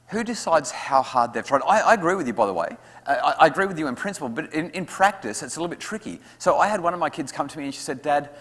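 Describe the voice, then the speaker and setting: A man speaking to parents at an evening talk, lively and acting out what his kids say. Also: fairly high pitch, fast, hardly any pauses. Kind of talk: talk to an audience with questions. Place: school hall. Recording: hall reverb.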